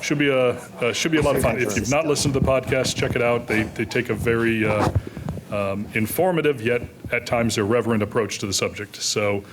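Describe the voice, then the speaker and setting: A man hosting an event in an auditorium, thanking the guests and announcing upcoming events with many pauses and fillers. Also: medium pitch, steady tone, noisy background. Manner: hesitant, many filler words. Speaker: event host. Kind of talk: closing announcements.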